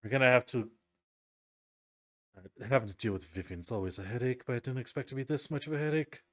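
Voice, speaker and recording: A man's voice: mid-range voice, animated, fast. A man playing in a tabletop game, chatting casually and playfully as a player. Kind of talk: tabletop role-play chat.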